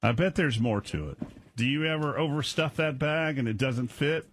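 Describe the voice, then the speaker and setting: A man's voice: on the high side, expressive, moderate pace, fairly bright tone, a little hiss or hum. Chatty radio host man, easygoing. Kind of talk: casual morning radio banter.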